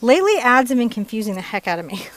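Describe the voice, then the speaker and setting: Chatty, excitable woman teaching painting. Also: a little high, fast talker, dry recording. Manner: chatty, playful and excitable, joking and laughing between instructions. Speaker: art instructor. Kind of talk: live-streamed painting tutorial.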